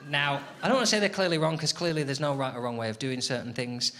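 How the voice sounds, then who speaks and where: A man's voice: medium pitch, quick pace. An English man performing a stand-up comedy set on stage, ranting in an exasperated, sardonic way and bantering with the crowd. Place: live comedy venue, audience laughing. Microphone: stage microphone. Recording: live show with loud crowd noise.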